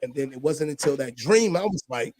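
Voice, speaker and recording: A high-voiced man with a lively, swooping delivery tells a story casually, acting out the other people's voices and dropping almost to a whisper when it turns emotional. The recording is dry and close. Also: a little fast, no room sound. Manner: animated, acts out voices in his story, drops to a near whisper for emotional parts.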